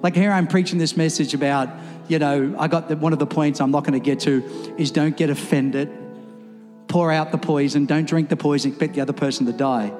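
A pastor with a high voice preaches a sermon in a reverberant church hall with music playing, speaking a little fast. He's animated, acting out his stories with rising pitch as he tells them.

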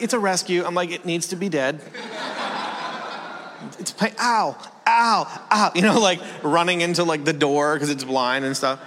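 A man's voice: a little high, bright, forceful tone, slight background noise. A man from a small town in Canada doing a stand-up comedy set, rambling and conversational, often asking the room questions. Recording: long hall reverb.

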